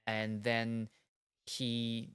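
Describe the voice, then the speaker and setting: A man's voice: medium pitch, monotone, drawn-out words, a bit bright, clear, resonant tone, no echo. This is a man in the middle of a laid-back card-opening stream, talking in loose, wandering retellings that circle back on themselves. His voice sits in an ordinary middle register. The sound is close and dry, with no room around it. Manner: rambling, meandering retelling with many hedges. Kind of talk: casual chat while opening cards.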